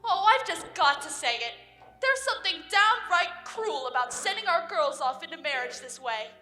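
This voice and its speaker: A teenage girl playing a worried mother of the bride in a high school stage play. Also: a little slow, sharp tone, soft background music. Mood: indignant. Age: teens. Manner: wistful, then indignant. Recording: echoey auditorium from a distance.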